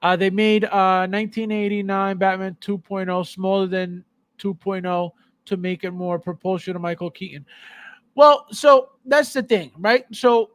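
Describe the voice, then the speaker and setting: In a dry recording, a high-voiced man keeps his intonation fairly even at a moderate pace. As podcast host of a collector's live show, he rants at his viewers heatedly and sarcastically, repeating himself from exasperation.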